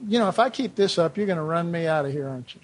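A man's voice: a little high, lively intonation, very fast. A man preaching a sermon in a loose, conversational way, with lots of rhetorical questions and "you know"s.

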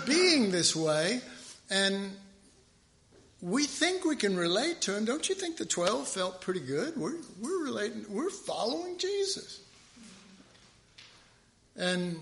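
A man's voice: sits high, pushed and bright, slight background noise. A man preaching a sermon in a rambling, conversational way, restarting his sentences often.

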